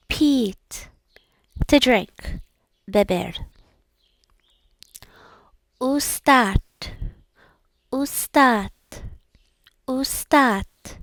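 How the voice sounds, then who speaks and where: The high-sitting voice of a woman comes through a dry, clean studio recording. She's a language learner practicing pronunciation, repeating every word several times and then walking through the sounds in a self-effacing, encouraging manner.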